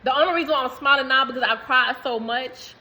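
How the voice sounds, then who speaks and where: A woman talks straight to her viewers in a loose, rambling way. Her voice sits a little high and sounds bright and forceful. She circles back over her words and breaks into laughs between phrases. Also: fast talker, low-quality recording. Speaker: vlogger. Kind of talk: casual spiritual talk to camera.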